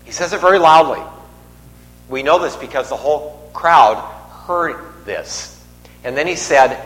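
A man's voice: medium pitch, animated, normal speed, a bit bright. Man preaching in an echoey hall. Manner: conversational, jokes with the congregation. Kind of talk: sermon. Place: church. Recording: echoey hall, faint noise.

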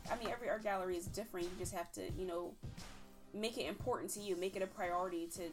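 A woman's voice: medium pitch, steady tone, racing, over music. A woman co-hosting a casual podcast chat, rambling with lots of "like" and "you know". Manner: rambling, heavy use of "like". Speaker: podcast co-host.

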